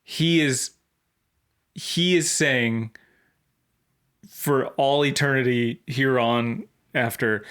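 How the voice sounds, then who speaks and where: Slow-talking man with wry hot takes. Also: medium pitch, fairly even intonation, fairly bright tone, clear, resonant tone. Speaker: podcast co-host. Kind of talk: casual comedic Bible chat.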